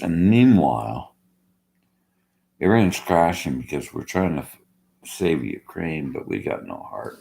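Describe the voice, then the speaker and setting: Very deep, gravelly older man. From Canada. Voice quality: slurred-sounding speech. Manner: bitter, argumentative. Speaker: vlogger. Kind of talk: rambling rant to camera.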